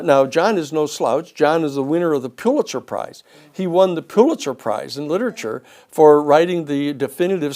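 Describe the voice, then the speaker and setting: A man giving a storytelling lecture, an animated speaker who acts out the people he quotes. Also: fairly high pitch, gravelly.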